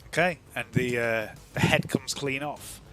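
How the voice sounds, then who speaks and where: A man running a tabletop game as game master, narrating in a relaxed, rambling way with lots of fillers. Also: medium pitch, measured pace, soft background music.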